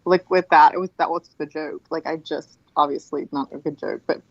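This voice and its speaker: A woman's voice: low voice, steady tone, fairly quick, no echo, muffled recording. Profane, rambling middle-aged woman. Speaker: co-host. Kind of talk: casual crude banter.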